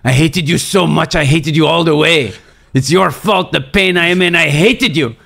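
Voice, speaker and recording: A man acting out an angry grown man who blames everyone around him on a hard mountain climb, his voice rising and shouting. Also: mid-range voice, fairly even intonation, moderate pace, husky. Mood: resentful.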